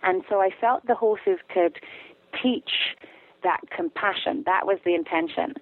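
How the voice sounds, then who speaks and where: Woman, casual interview talk, animated storytelling, tinny phone sound, dry. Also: medium pitch, unhurried, no room sound. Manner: animated storyteller, acts out quotes. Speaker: guest, animal communicator.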